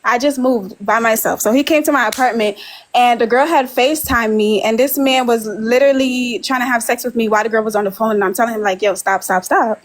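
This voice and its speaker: Over poor audio, a woman in her twenties phones into a live stream, her fairly high voice moving a little fast as she tells a meandering personal story. Nervous laughter and frequent fillers run through her casual confession.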